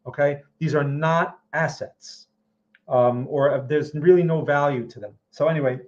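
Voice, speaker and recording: A man's voice: on the high side, normal speed, dull audio. A man hosting a trading channel, answering viewer questions in casual live-stream market commentary. He is blunt and skeptical, repeats words often, and keeps checking in with "okay?" and "right?".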